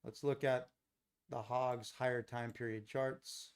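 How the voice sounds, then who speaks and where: A man's voice: mid-range voice, level tone, a little slow, clean tone. Brief: middle-aged American man, loose live-stream host, mid-range voice, talks to chat while watching charts. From Los Angeles, USA. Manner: chatty, thinks aloud, talks to chat viewers. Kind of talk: casual live-stream commentary.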